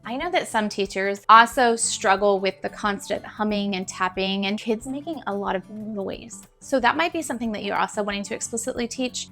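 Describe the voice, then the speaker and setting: A woman's voice: a little high, a bit bright. A young adult woman teacher talking casually to camera, giving classroom tips in a chatty, encouraging way that repeats things for emphasis. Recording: faint background music.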